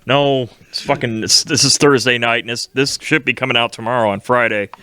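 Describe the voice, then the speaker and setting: A man's voice: mid-range voice, fairly even intonation, brisk, pushed and bright, no echo. A man co-hosting a podcast and working as a welder, talking casually in a blunt, crude, joking way. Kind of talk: casual chat.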